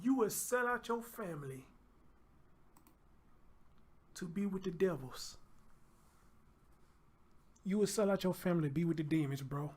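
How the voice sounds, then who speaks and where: A man's voice: high voice, lively intonation, normal speed, pauses often, breathy edge. Sex: man. Role: show host. Style: emotional reaction commentary. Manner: profane, heated, near tears.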